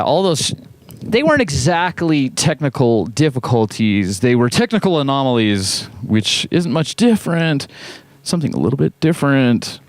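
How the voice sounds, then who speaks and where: Lively, playful man in a synth demo. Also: medium pitch, no echo. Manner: playful, joking, rambling asides. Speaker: host and synth musician. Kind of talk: casual hands-on synth demo chat.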